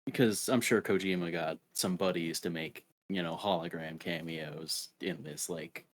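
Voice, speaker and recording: A man's voice: low-pitched, steady tone, normal speed. A young man co-hosting a gaming podcast, laid-back and hesitant, often trailing off. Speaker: podcast co-host. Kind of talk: casual gaming podcast chat.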